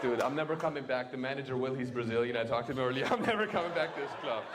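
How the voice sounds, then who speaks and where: A man's voice: mid-range voice, very fast, heavy background noise. A man from Germany performing a stand-up set, brash and swearing, doing crowd work. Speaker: stand-up comedian. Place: comedy club stage. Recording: live club with loud audience. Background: audience laughter and cheering.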